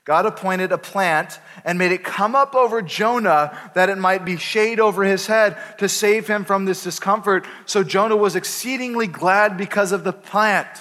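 Pastor preaching, lively storytelling, kinda high voice, long hall echo. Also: male voice, normal speed, few pauses. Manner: animated storytelling with playful voices for characters. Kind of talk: sermon. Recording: hall reverb.

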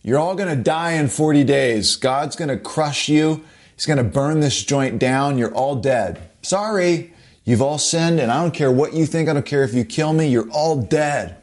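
A preacher acting out a furious doom-shouting prophet. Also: male voice, on the high side, normal speed, close to an everyday voice. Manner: shouting, defiant. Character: angry reluctant male prophet shouting doom.

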